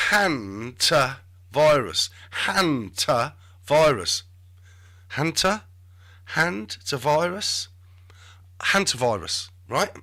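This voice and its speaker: Male streamer, loose self-talking delivery, sharp bright voice that swings up and down. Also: a little high. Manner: chatty, talks to himself while searching. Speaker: live stream host. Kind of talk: rambling live stream commentary.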